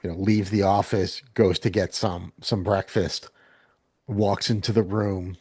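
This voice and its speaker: A man's voice: sits low, little pitch movement, measured pace, a little mellow, slightly rough, dry recording, clean studio sound. A man narrating as game master of a tabletop game, rambling with lots of fillers.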